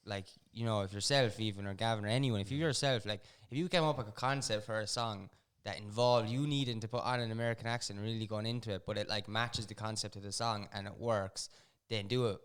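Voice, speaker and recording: A man hosting a podcast, chatting casually and telling stories in a rambling, animated way with lots of fillers. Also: on the low side, fast talker, few pauses, clear, resonant tone. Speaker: podcast host.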